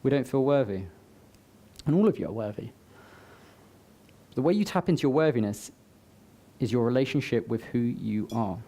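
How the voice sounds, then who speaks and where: A man's voice: mid-range voice, lively intonation, moderate pace, pauses often, mellow. A man giving a motivational talk to a live audience, conversational, with joking asides to the crowd. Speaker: summit speaker. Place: live event before an audience.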